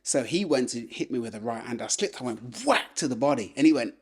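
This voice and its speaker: A middle-aged man from England, a former boxer, telling animated anecdotes as a podcast guest, with frequent filler phrases. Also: mid-range voice, brisk, breathy edge. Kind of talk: casual storytelling interview.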